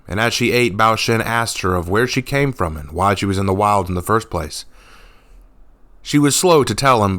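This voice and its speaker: A man reading a fantasy story aloud in a measured, even narration. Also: low voice, no echo.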